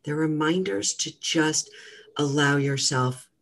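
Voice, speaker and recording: A middle-aged woman, a guest trainer, talking casually in a gentle coaching manner with lots of fillers. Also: low-pitched, slow. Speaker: guest, mental fitness trainer. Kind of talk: casual interview talk.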